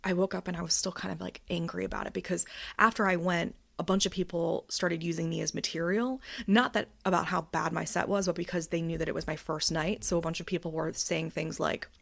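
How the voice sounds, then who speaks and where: Woman, 30s, low gravelly voice, fired-up candid vlogger who swears freely. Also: fairly even intonation, fairly quick, a bit bright. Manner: swearing, worked-up storytelling. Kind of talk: candid personal update.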